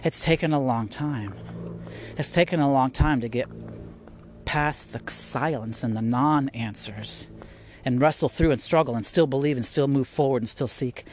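A man's voice: medium pitch, moderate pace, slight background noise. A middle-aged man hosting a podcast, giving a casual devotional talk while walking outdoors, thinking aloud with restarts. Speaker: podcast host.

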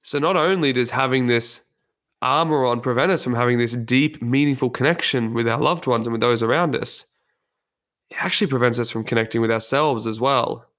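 A man's voice: mid-range voice, a little fast, fairly bright tone. Earnest man giving a motivational talk. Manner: earnest, candid and reflective. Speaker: personal development speaker. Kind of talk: motivational monologue.

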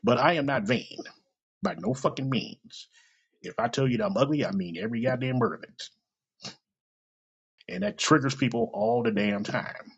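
A man hosting a podcast, talking in a blunt, profane, self-deprecating casual monologue with a gravelly, husky voice. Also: mid-range voice, sing-song, moderate pace, long pauses, muffled recording. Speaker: podcast host.

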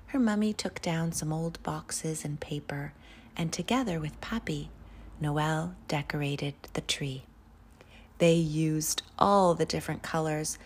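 Slow, husky, whispery storyteller woman. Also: low voice. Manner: hushed, slow and soothing. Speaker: storyteller host. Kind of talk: soft, half-whispered storybook reading.

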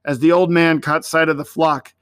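Man, storyteller, bright and sharp voice, slightly high, dry close recording. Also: clear, resonant tone, dry recording. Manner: measured, expressive storytelling. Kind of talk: reading a story aloud.

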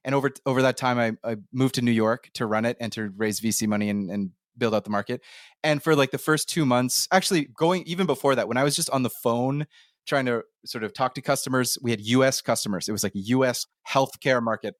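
A man from Canada hosting a casual podcast interview, talking in an animated, storytelling way with quick asides. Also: medium pitch, dry recording, clean studio sound. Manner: animated, storytelling, slips into playful impressions. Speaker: podcast host.

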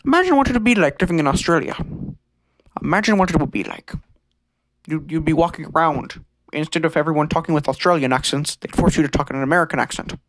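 A man's voice: a little high, expressive, fast, a bit bright, dry recording. A man hosting a comedic conspiracy podcast, rambling and stammering in a mock-serious way. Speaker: podcast host.

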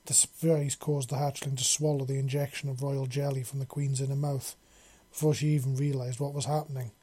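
A man narrating a story in a steady reading voice. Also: medium pitch, a little fast, husky.

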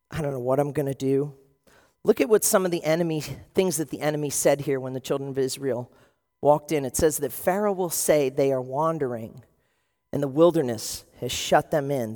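A man preaching a sermon in an animated way, acting out the voices of the people he quotes. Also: a little high, long reverb tail. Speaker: pastor.

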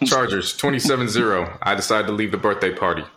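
A man's voice: lowish voice, fast, crowd noise. A man co-hosting a podcast in casual chat, laid-back, steering the topics with dry jokes. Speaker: podcast co-host. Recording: noisy background.

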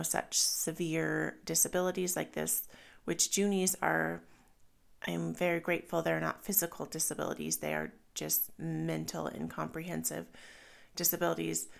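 Low, gravelly-voiced mother talking candidly. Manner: candid, reflective, storytelling. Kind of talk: personal vlog monologue.

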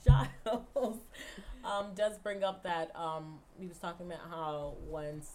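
A woman's voice: on the low side, takes it slowly, darkish tone, a little hiss or hum. A woman co-hosting a podcast, joking bluntly and profanely about a TV episode. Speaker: podcast co-host. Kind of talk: casual chat recapping a TV episode.

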